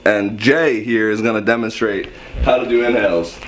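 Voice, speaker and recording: A young man with a low voice gives a laid-back vocal lesson. He rambles and stumbles over restarts. He is self-deprecating and easygoing about his own skill. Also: fairly even intonation, moderate pace, very noisy. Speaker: screaming vocal instructor. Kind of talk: casual how-to explanation.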